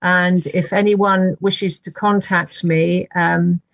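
Author lady, lowish voice, calm explaining, dull audio. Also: takes it slowly, dry recording. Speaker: author guest. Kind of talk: interview answers.

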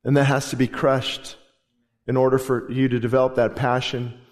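A man preaching a sermon as pastor, with a fervent delivery in a church service that swells to loud, emphatic declarations. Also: medium pitch, level tone, normal speed. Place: church sanctuary during a service.

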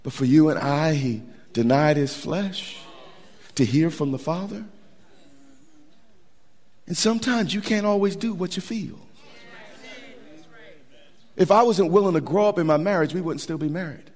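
A man preaching a sermon as pastor, animated and folksy, repeating words for emphasis. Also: on the high side, measured pace, pauses often. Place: church sanctuary. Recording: long hall reverb.

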